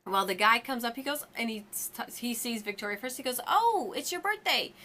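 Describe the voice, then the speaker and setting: A woman's voice: on the high side, fairly quick, bright, forceful tone. A woman in her forties hosting a fan channel, chatting casually and rambling about a TV episode with lots of ums and side stories. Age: 40s.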